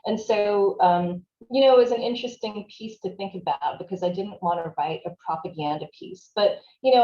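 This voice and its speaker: A woman with a low-pitched, mellow voice talks reflectively in an interview, often pausing on "you know" and "like" as she works through ideas. The sound is roomy and a little dull, as if recorded lo-fi in an echoing room. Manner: thoughtful, searching, frequent "you know" and "like" fillers. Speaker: writer and performer, interview guest.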